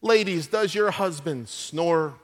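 A man voicing a pushy male infomercial pitchman with a slow, drawn-out sales pitch. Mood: salesy.

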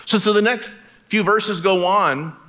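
A man with a high, bright voice preaching a sermon. He is animated and joking, and he slips into casual voices for the characters. The tone stays sharp and forward throughout. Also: a little slow. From Florida. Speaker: pastor.

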